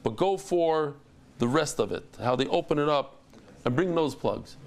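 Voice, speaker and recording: A man's voice: a little high, lively intonation, moderate pace. A man over fifty teaching a Talmud lesson, telling stories and acting out the dialogue with exclamations.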